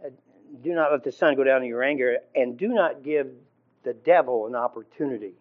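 A man teaching from the Bible in an informal sermon, halting with fillers and restarts and often clearing his throat. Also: mid-range voice. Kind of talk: conversational sermon. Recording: dull lo-fi recording.

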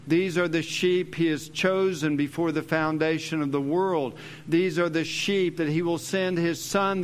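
Guy preaching a bible sermon, leans hard on repeats, slightly high voice, faint hum behind. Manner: emphatic, repeats key phrases. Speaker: pastor. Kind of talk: expository sermon.

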